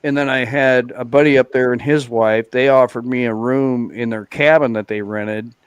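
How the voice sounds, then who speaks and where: A man's voice: mid-range voice, fairly even intonation, normal speed, smooth, dry recording. A man with a middling voice tells a loose, rambling road story on a live stream, dropping "you know" every few words. The sound is dry and close, with no room around it. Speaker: guest biker. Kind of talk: casual live-stream chat.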